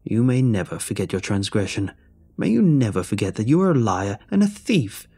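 A man voicing a cruel old hag woman who creaks and rasps, mock-gentle and cackling. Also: mid-range voice, very animated, normal speed, heavily acted. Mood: cursing. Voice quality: creaking, rasping.

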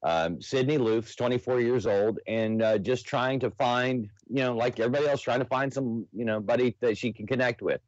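A man's voice: mid-range voice, moderate pace, few pauses, no echo. A man briefs a news show as its investigative reporter, hesitating often with fillers. He sounds dry and a bit muffled, as if heard through a lo-fi feed.

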